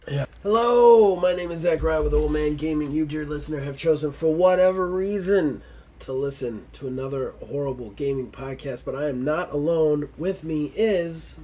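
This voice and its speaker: A man's voice: fairly high pitch, normal speed, dark tone, husky. A man hosting a gaming podcast, sounding sick and stuffy, grumpy and blunt, swearing casually. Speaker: podcast host. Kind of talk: casual chat.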